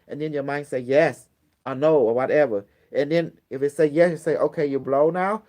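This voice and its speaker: A man's voice: mid-range voice, moderate pace, a little mellow. A man giving a casual spiritual lesson to a small group, blunt and repetitive, swearing freely and acting out pleading prayers. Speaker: spiritual teacher.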